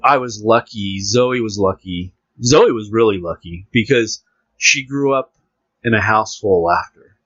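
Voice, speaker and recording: Husky-voiced man hosting a podcast. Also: on the low side, fairly bright tone, no echo. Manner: laughs often, halting restarts while reading. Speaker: podcast host. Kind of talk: casual podcast chat, reading news aloud. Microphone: close podcast mic with headphones. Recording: dull lo-fi dry podcast audio.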